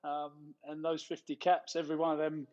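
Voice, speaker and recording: A man from England tells laddish club stories at a live event, his voice sitting a little high. He swears freely and keeps it cheeky. The sound is a bit dull and lo-fi. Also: completely flat delivery, a little fast, darkish tone. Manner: laddish storytelling with swearing and laughs. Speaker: guest. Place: clubhouse before a live audience.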